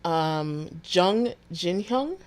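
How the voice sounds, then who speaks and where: Co-host, woman: somewhat low voice, plain matter-of-fact delivery, casual chat. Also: expressive, very slow. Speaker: podcast co-host.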